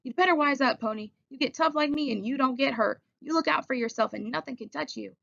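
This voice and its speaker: A woman reads as a reckless teenage greaser, a hotheaded street kid who barks his words in urgent, clipped bursts. His voice carries a gravelly roughness, pushed up higher and louder than the narration. The recording is dry and a bit dull. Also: quick pace, no echo. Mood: raving. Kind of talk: audiobook character voice.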